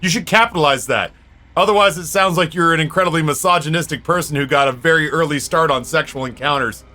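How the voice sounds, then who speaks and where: Man, game streamer, bright tone, slightly high voice, rambling crude jokes, casual chat. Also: fast. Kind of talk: casual live-stream chat while gaming.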